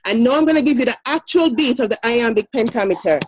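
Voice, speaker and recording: A woman teacher with a Jamaican accent giving an online lesson, brisk and encouraging, laughing often. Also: fairly high pitch, expressive, dull audio, slight background noise.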